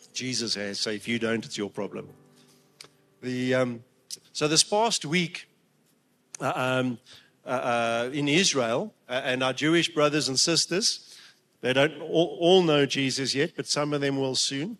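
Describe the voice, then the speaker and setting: A preacher with a mid-range, fairly bright voice delivers a sermon to his congregation with heartfelt emotion, stumbling over restarts before building to emphatic peaks.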